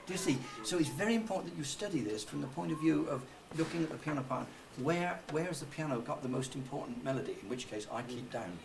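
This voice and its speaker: A man with a highish, expressive voice talks quickly with vocal fry and few pauses, background noise behind him. He's teaching a violin student from the piano in a rehearsal room, patiently explaining phrasing, singing rhythms to demonstrate and checking for understanding, all captured by a distant mic with the piano in the room.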